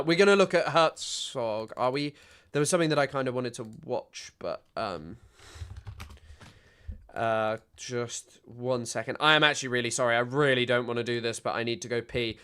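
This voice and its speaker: A streamer ranting off the cuff, exasperated and tripping over his own restarts. His voice is bright and smooth, crisp on the consonants. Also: medium pitch. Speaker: streamer and commentator. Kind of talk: live-stream commentary.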